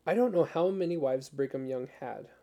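Friendly young missionary, brisk and helpful, read by a male narrator. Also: fairly high pitch, mellow, close to an everyday voice. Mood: eager.

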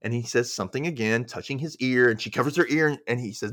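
A man's voice: medium pitch, fast talker, a bit bright, dry recording, studio quality. A male podcast host casually recapping a TV episode scene by scene, acting out the quoted lines.

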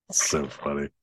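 A man co-hosting a podcast, telling a rambling anecdote in casual chat and laughing at his own story. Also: bright, forceful tone. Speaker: podcast co-host.

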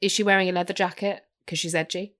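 A woman in casual chat who reacts with playful gasps and quick joking questions. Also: on the low side, steady tone, fairly bright tone.

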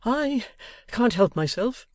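A man voicing a naive, distraught old gentleman who wails and pleads in a high voice. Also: wildly swooping pitch, normal speed, husky, dry recording, heavily acted. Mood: despairing.

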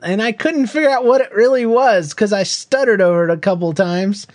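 Joking higher-voiced man co-hosting. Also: fairly quick, dry recording. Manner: joking, teasing, reads listener emails aloud. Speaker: podcast co-host. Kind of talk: casual chat.

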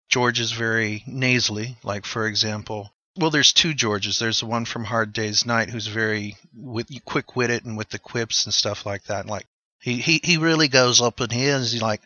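A man's voice: lowish voice, steady tone, normal speed, sharp tone. A man speaking as a guest in a casual discussion, loose and chatty with lots of fillers. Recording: dull, dry sound.

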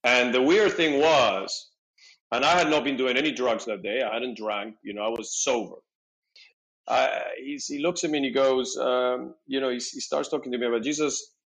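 Middle-aged male guest, animated casual storyteller, acts out dialogue. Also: medium pitch, normal speed, low-quality recording. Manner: animated, acts out dialogue, frequent "you know". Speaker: podcast guest.

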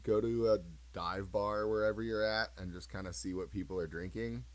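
Lower-voiced American man, relaxed and conversational, casual chat. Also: moderate pace, poor audio. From United States.

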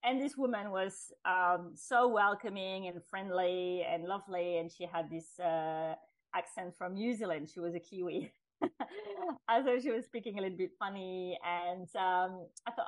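This middle-aged podcast guest, a native French speaker, recounts her own story in an interview with a lowish voice at a measured pace. The recording is rough. She chats along with restarts and laughter, quoting and acting out who she used to be.

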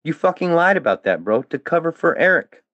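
Furious and confrontational, a former fan of a comedian, appearing as a guest, swears nonstop and throws challenges at the people he blames. His pitch leaps from lows to sharp highs in a brisk, sing-song way, and the recording sounds dry, dull and muffled, lo-fi with no room sound.

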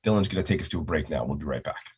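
A man hosting a radio talk show, his voice hoarse and raspy from being under the weather, chatting in a joking, self-mocking way. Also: extremely low pitch, very fast, a little mellow. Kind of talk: casual radio chat.

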